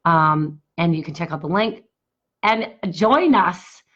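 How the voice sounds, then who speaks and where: Hoarse low-voiced woman coach, lo-fi stream. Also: lively intonation, slow pace, a bit bright. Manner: enthusiastic, repetitive, pitching a workshop. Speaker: business coach. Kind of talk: live stream talk to viewers.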